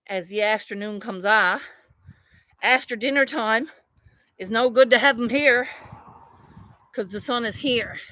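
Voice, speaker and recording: Woman vlogger, higher voice, slow unhurried delivery, excitable and foul-mouthed, rambling outdoor phone video. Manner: excitable, rambling, swears freely. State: a little out of breath. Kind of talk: casual gardening vlog.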